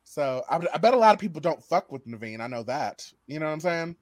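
Animated, high-voiced male podcast host. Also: quick pace. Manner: animated, laughs often, swears casually. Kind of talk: casual chat.

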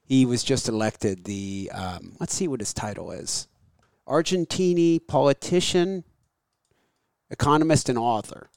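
A man's voice: mid-range voice, a little slow, a little mellow, clean tone, no echo. Profane laughing man hosting a podcast. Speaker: podcast host. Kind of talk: casual chat.

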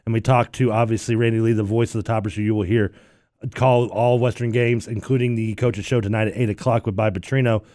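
Chatty sports radio host, dry studio sound. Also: male voice, lowish voice, little pitch movement, brisk, a little mellow, no room sound. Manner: chatty, laughs often, storytelling. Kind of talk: casual sports talk radio. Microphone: studio microphone.

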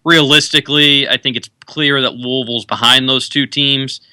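A man's voice: medium pitch, fairly even intonation, moderate pace, bright, forceful tone, clean tone, no echo. A young man hosting a sports radio show, chatting casually with fillers and restarts. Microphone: studio mic.

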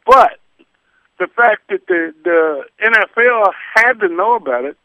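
A man calling in to a radio talk show, talking in an animated, halting way. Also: high voice, dry recording, lo-fi sound. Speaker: caller. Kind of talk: radio call-in comment.

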